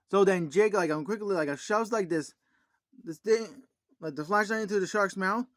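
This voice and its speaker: A man's voice: high voice, normal speed, no room sound, studio quality. Rambling man recapping a movie. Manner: rambling, full of "like, um" fillers, clears throat often. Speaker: movie reviewer. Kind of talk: casual spoken movie recap.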